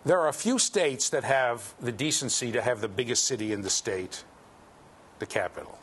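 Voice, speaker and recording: A man giving a university lecture, lively and joking as he quizzes his students. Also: medium pitch, moderate pace, husky. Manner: lively, jokey, quizzes the class. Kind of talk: classroom lecture. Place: lecture hall.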